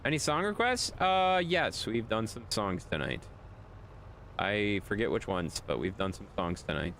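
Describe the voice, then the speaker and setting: Lively low-voiced man streaming a game. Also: normal speed, slight background noise. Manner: bantering, scolds and teases chat. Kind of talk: casual live-stream commentary while playing.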